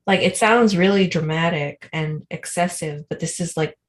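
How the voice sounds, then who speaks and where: A woman's voice: lowish voice, normal speed. Rambling woman host telling a story. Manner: rambling, animated, filler-heavy. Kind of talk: casual livestream storytelling.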